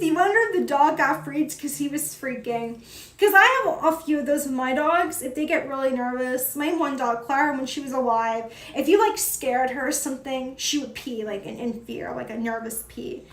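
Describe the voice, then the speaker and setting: A woman's voice: sits high, a bit bright. A woman hosting a livestream, chatting casually and giggling while answering viewers in the chat. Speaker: livestream host.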